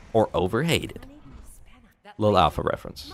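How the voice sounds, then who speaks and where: A man's voice: lowish voice, lively intonation, moderate pace, fairly bright tone. A young man streaming a video game live, chatting and joking with his viewers in a rambling way. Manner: joking, rambling, breaks into silly voices. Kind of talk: live gameplay chat.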